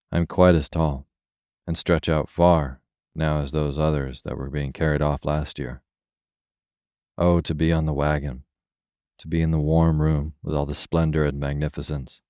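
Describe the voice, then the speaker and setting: A restless young fir tree, voiced by a man, longs to leave the forest in a bedtime storybook. It asks eager, yearning questions in a very deep voice. The tone stays dark and mellow, and the recording is dry. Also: clear, resonant tone, no room sound.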